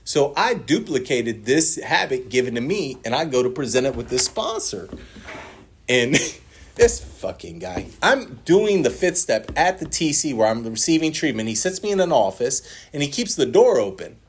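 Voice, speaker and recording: With slight background noise behind him, a man in his forties recounts his recovery at a meeting in a medium-pitched voice at a moderate pace. He curses freely, laughs often, and performs other people's lines.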